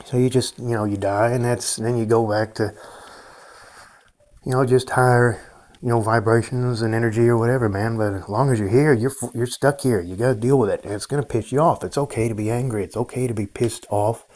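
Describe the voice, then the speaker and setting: A man's voice: mid-range voice, fairly even intonation, brisk, darkish tone. A middle-aged man talking to his camera, rambling and swearing in a frustrated, casual monologue full of "you know" and "man". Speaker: vlogger.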